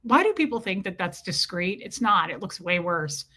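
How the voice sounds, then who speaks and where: A woman's voice: on the low side, very animated, normal speed, sharp tone, husky. A woman hosting a casual livestream, telling a frank, crude comic story and greeting viewers by name between beats. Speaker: livestream host chatting with viewers.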